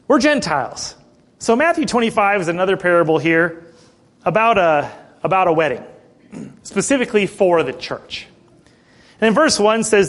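An American man leading a casual Bible study, reading scripture aloud and often checking in with his listeners while clearing his throat. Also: high voice, very animated, measured pace, long pauses, a bit bright. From United States.

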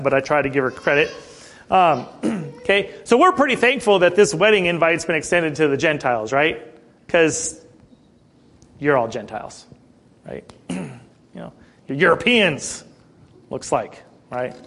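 An American man leading a casual Bible study, reading scripture aloud and often checking in with his listeners while clearing his throat. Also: fairly high pitch, animated, a little slow, pauses often, a bit bright. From United States.

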